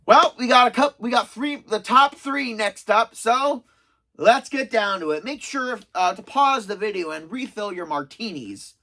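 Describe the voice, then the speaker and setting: A chatty reviewer in their thirties with a bright, forceful voice, counting down favourite episodes. The talk wanders and restarts, with a dry, sarcastic edge throughout. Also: mid-range voice, expressive, a little slow. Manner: chatty, self-described sarcastic, rambling with restarts. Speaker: video reviewer. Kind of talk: casual spoken episode countdown.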